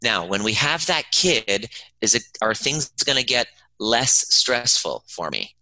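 A man's voice: mid-range voice, very animated, a little slow, bright, forceful tone, dry recording, low-quality recording. A man speaking as a podcast guest, earnest and emphatic, telling stories and acting out the dialogue. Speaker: podcast guest, emotional healing teacher. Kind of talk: conversational interview, storytelling.

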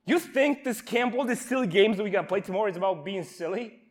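A young man giving an emotional, earnest informal sermon at a youth camp, with halting restarts. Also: high voice, lively intonation.

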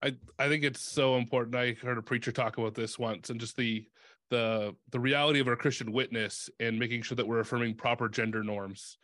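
A young male host speaks in a halting, thinking-aloud way, restarting phrases as he works toward his question. His voice is recorded dry and close, with no room sound. His pitch sits in the middle of the usual male range. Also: fairly even intonation, a bit bright, no room sound. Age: young adult. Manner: halting, many fillers and restarts. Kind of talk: conversational interview.

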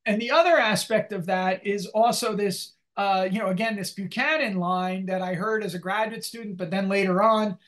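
An older male economics professor, speaking in a relaxed, rambling way as an interview guest, with many restarts and fillers. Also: sits high, moderate pace, hardly any pauses. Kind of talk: conversational interview.

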